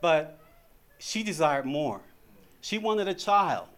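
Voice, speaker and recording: A man's voice: a little high, animated, slow, a bit bright. A middle-aged man giving an informal sermon about marriage, talking conversationally and often repeating his words.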